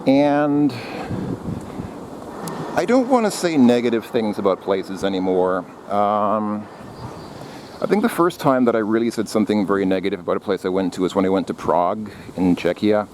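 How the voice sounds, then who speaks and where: Deep-voiced man vlogging on city streets. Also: lively intonation, moderate pace, darkish tone, a little hiss or hum. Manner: rambling, with many fillers and restarts. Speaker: travel vlogger. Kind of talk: casual walking vlog.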